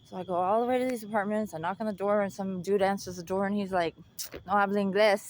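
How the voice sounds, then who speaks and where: A woman's voice: medium pitch, steady tone, fast, a little mellow. A young woman telling a personal story in casual chat, blunt and full of swearing, laughing often.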